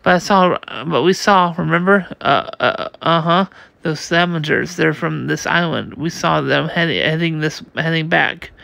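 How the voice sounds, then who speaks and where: A man reading a comic aloud, halting and slow, restarting words often. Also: on the high side, vocal fry, sharp tone, no echo. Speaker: comic reader.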